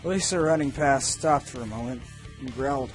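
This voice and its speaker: A man's voice: medium pitch, normal speed. A man reviewing a video game, reading its text aloud and breaking off into sarcastic, jokey asides. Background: faint game music.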